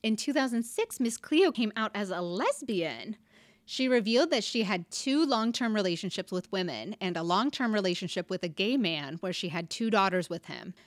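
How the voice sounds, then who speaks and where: A woman's voice: mid-range voice, animated, moderate pace, dry recording. Chatty young woman co-hosting, dry sound. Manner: chatty storytelling, reads out facts with asides and laughs. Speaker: podcast co-host. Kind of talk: casual chat.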